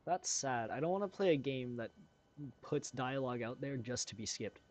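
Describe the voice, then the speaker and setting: A man's voice: medium pitch, animated, normal speed. A young man streaming a game, giving casual, rambling commentary and laughing often.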